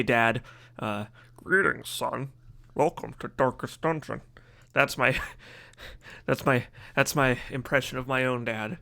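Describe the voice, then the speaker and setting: A male game streamer with a bright, forceful voice of middling pitch. He rambles and jokes in loose, casual live-stream chat, reacting to his viewers as he goes. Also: clear, resonant tone.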